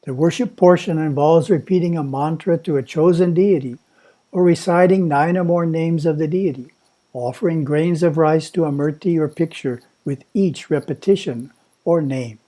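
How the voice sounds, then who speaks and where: A man at a monastery reading a prepared spiritual talk in a measured, instructive way. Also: fairly high pitch, mellow. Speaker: monastery teacher.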